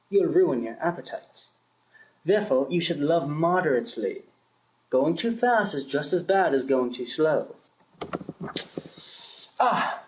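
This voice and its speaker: Casting: young male student, amateur drama, voices multiple parts, slightly high voice. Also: poor audio. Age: young adult. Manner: plays several parts, shifting pitch between characters. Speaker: student performing a class drama. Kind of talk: amateur radio-play acting.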